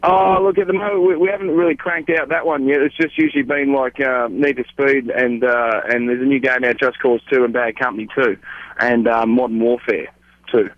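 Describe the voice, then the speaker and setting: A man's voice: medium pitch, fairly even intonation, fairly quick, dry recording. Laid-back rambling male musician on a phone line. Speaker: guest musician. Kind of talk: casual phone interview.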